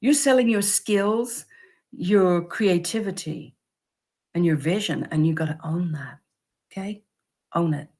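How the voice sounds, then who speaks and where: A woman's voice: lowish voice, unhurried, long pauses. Woman chatting to camera about her sewing biz, upbeat and encouraging, does little voices for customers. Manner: encouraging, lively, acts out customer quotes. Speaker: upcycled clothing maker and vlogger. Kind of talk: casual advice to camera.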